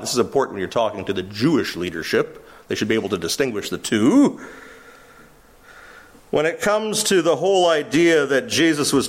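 A man preaching an expository sermon, animated and wry, with sarcastic asides and quotes acted out. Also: medium pitch. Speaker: pastor.

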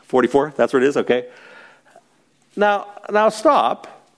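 Lively man teaching a casual Bible study. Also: a little high, measured pace. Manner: lively, joking, asks the group questions. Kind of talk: conversational Bible teaching with congregation interaction.

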